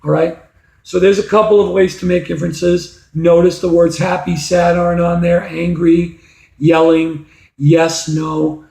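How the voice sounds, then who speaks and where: Recorded in an echoey room, a male teacher gives a reading lesson with patient explanations and rhetorical questions. He speaks unhurriedly and flatly, in a mellow, gravelly voice that runs a bit high for a man.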